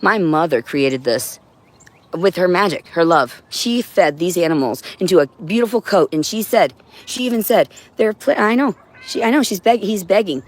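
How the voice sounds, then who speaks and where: A woman's voice: on the low side, animated, normal speed. A woman on a livestream in an agitated, profane, rambling monologue, now and then talking to her cat.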